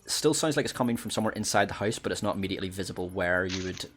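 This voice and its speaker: A man's voice: deep voice, very fast, fairly bright tone, slight background noise. A man narrating as game master of a tabletop game, hesitant, full of ums and restarts.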